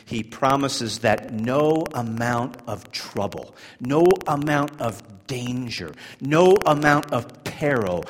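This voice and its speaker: A man preaches, moving from slow, hushed stretches to loud, high-pitched emphasis, frequently repeating words as he builds momentum. The recording carries a long hall reverb.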